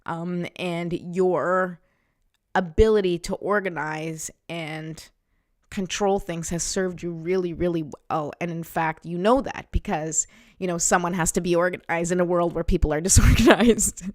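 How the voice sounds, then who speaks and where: A woman's voice: fairly low pitch, fairly even intonation, measured pace, dry recording, clean studio sound. A woman in her forties giving a spiritual oracle card reading on a live stream, earnest and chatty with many fillers. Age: 40s.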